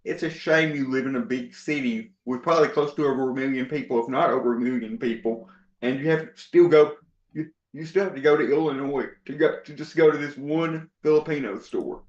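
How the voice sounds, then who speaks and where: A man's voice: mid-range voice, fairly quick. Wry man on a roomy video call. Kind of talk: casual chat. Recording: dull, roomy call audio.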